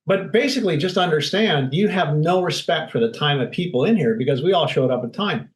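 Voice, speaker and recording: A man's voice: fairly high pitch, brisk, hardly any pauses, low-quality recording. A man speaking bluntly and emphatically as an interview guest, acting out little quoted exchanges. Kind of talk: candid interview talk.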